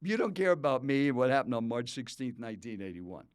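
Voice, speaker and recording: A man's voice: medium pitch, quick pace, smooth. A man in his eighties, a professional speaker, telling a story in an interview and talking straight to the listener. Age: 80s. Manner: animated storyteller who talks straight to the listener. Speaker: professional speaker and speech coach.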